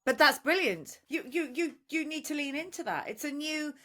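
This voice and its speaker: A woman's voice: sits high, animated, sharp tone. Bubbly woman podcast co-host. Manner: bubbly, quick, laughing, losing her words. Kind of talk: casual comedy chat.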